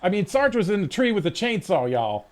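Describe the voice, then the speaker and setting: Streamer, male, higher pitch; loose, profane storytelling full of restarts, close desk mic. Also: big pitch swings, fairly quick. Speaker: game streamer. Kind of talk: casual stream chat.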